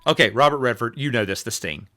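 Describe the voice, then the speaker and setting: A man's voice: mid-range voice, animated, fast talker, bright, forceful tone. A middle-aged man chatting casually about his favorite films, rambling and repeating himself and acting out lines he quotes. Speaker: host ranking movies. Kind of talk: casual solo movie talk.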